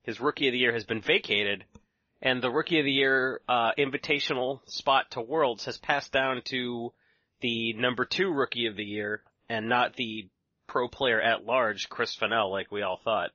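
A man hosting a podcast, setting up interview questions in a steady, news-like way. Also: medium pitch, moderate pace, no echo. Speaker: podcast host. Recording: dry, dull lo-fi recording.

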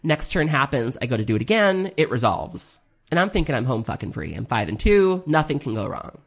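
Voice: mid-range voice, sing-song, fairly quick. A card game player giving a casual spoken recap of a tournament, rambling with lots of "um"s, now and then swearing, and openly critical of their own mistakes. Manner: rambling, self-critical, frequent ums, occasional swearing.

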